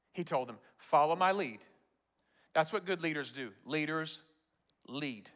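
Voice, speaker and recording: In a large church auditorium, a male pastor delivers a sermon in a fairly high voice, speaking a little slowly and pausing often. He tells stories in an animated way, acting out quotes and laughing frequently.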